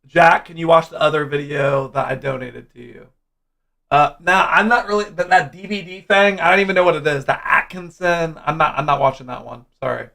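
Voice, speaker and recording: Young male stream host, gravelly, reads chat donations in a loose casual way. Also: on the high side, fairly quick, sharp tone. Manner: loose, filler-heavy, reads donations aloud. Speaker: livestream host.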